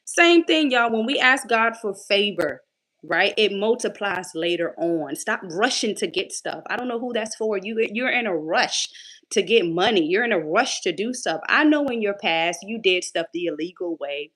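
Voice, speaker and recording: A young woman coach giving a casual inspirational faith talk in a lively, conversational, preachy way. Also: mid-range voice, normal speed.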